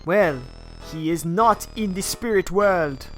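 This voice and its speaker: Grand spirit medium in a put-on Jamaican accent, voiced by a streamer, higher and louder than his own talk, slow and mystical. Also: soft background music, natural voice. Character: theatrical fortune-teller spirit woman.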